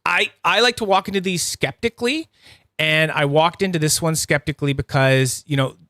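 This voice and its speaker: A man with a fairly high voice hosts a casual livestream, rambling and chatty with a loose, profane streak. He greets his viewers by name as he goes. The sound is close and dry with no room in it. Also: moderate pace, sharp tone, dry recording. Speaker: host of a livestream review channel.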